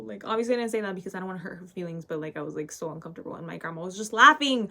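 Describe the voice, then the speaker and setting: A woman's voice: medium pitch, rapid-fire, hardly any pauses, bright, forceful tone. A teenage girl telling a casual story while getting ready, ranting and full of fillers, often tagging lines with "okay?". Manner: ranting, filler-heavy, keeps asking "okay?". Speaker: vlogger.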